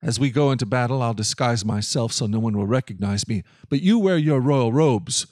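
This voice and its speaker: A man's voice: mid-range voice, animated, moderate pace, a little mellow, dry recording, studio quality, natural voice. A man voicing a resentful, commanding king in a scripted Bible reading, curt and demanding. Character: middle-aged male king, resentful and commanding.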